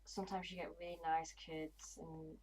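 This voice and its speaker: In her 20s, this woman talks bluntly and casually on a gaming livestream in a low, level voice at a moderate pace, with a darkish tone. She swears freely and mutters to herself while playing. The recording is rough, with a little hiss or hum.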